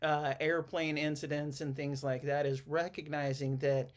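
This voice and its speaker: A man's voice: fairly high pitch, level tone, normal speed, hardly any pauses. A man hosting a podcast interview, talking casually with many fillers and restarts. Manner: rambling, frequent restarts and fillers. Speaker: podcast host and counselor.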